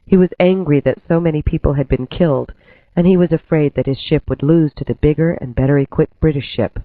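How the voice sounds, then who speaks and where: Male narrator, slightly high voice, steady storybook reading, tinny phone-like sound. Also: fairly quick, dry recording. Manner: steady, clear storytelling delivery. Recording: tinny phone-like dry recording.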